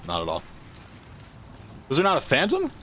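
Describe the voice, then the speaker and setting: A man's voice: on the high side, huge pitch swings, moderate pace, pushed and bright, soft background music. A man giving casual gameplay commentary as a streamer, joking and swearing freely. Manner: profane, joking trash talk. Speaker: gaming streamer.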